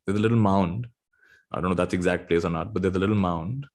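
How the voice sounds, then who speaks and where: A man tells a spiritual story in a gentle, unhurried way. His voice sits on the low side, and he laughs easily as he speaks. It has the feel of a relaxed dharma talk. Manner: gentle, laughs often while telling stories. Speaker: spiritual teacher.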